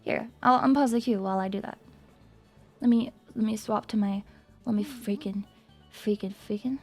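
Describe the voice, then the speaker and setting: A young woman livestreamer chatting casually with viewers, playful and excitable, swearing and breaking into loud screams and laughs. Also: mid-range voice, normal speed, husky, soft background music. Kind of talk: casual chat to stream viewers.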